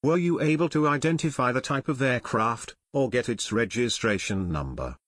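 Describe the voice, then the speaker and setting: A man's voice: medium pitch, lively intonation, moderate pace, fairly bright tone, dry recording. A nervous middle-aged airport tower chief, as a male narrator reads him, trembling and frightened. The voice moves up and down a lot. It is close and dry, with no room sound. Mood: puzzled. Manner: shaky, frightened delivery.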